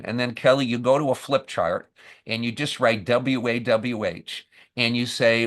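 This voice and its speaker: A man appears as a podcast guest in a conversational interview; he's a camp staff trainer and author. Mid-pitched and at a moderate pace, he's a lively, animated storyteller who acts out scenes with quoted lines.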